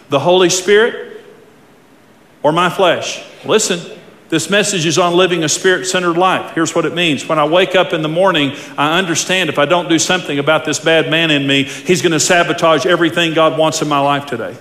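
A man preaching a sermon with emphatic delivery, swinging from hushed asides to loud bursts. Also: on the high side, a little fast, echoey room, in a large hall. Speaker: pastor.

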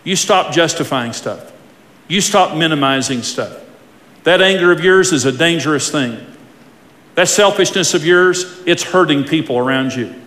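A man preaching a sermon with emphatic delivery, swinging from hushed asides to loud bursts. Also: on the high side, moderate pace, reverberant, long reverb tail. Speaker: pastor.

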